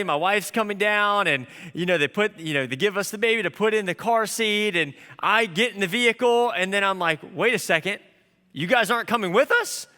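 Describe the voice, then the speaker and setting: A man in his thirties preaches with a high, bright voice. He tells stories in a lively, conversational way, and his voice rings with the long reverb of a large hall. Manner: storytelling, animated and conversational. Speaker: pastor. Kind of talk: sermon.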